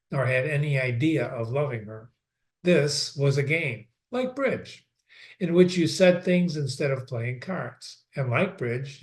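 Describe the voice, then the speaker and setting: A man reads a novel aloud at a middling pitch. He pauses now and then to talk through the passage in a plain, conversational way. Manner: stops to explain the text in a conversational tone. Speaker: reader. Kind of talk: reading a novel aloud with commentary.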